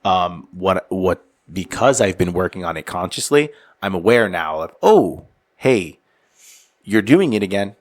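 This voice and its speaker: A man co-hosting a casual podcast speaks in a low, unhurried voice. He's a profane, jokey, animated storyteller, swearing and acting out his own thoughts.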